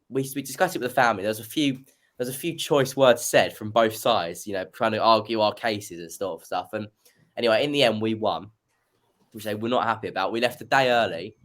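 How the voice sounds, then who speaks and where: A man's voice: medium pitch, a bit bright. A man on a podcast panel, rambling through a family anecdote in casual chat. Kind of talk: casual storytelling.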